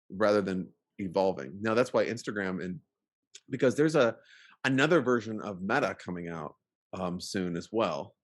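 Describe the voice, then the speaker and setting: Male podcast co-host, low-ish voice with an animated delivery, talks in loose rambling chat. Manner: rambling, full of fillers and restarts. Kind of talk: casual chat.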